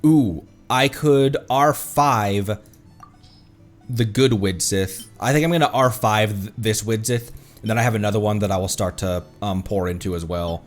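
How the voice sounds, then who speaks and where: A man's voice: on the low side, moderate pace, soft background music. A young man streaming a game, chatting casually and thinking aloud in a playful way. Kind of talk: casual gaming commentary.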